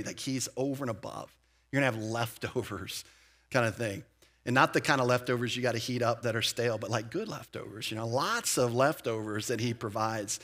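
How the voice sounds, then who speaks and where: A man preaching a verse-by-verse sermon as a pastor, conversational with animated emphasis, asides and quick restarts. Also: medium pitch. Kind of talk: expository sermon. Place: church.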